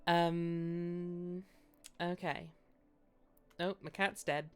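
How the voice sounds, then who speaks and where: A woman with a lowish voice chats playfully while she streams a game, joking and laughing often. Faint game music plays beneath her talk. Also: little pitch movement, takes it slowly, pauses often, clean tone. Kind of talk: casual gameplay commentary.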